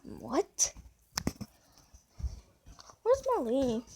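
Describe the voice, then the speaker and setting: Animated high-voiced young woman reacting. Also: drawn-out words, noisy background. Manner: bewildered, exclaiming, laughing often. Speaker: reaction video creator. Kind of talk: casual reaction commentary.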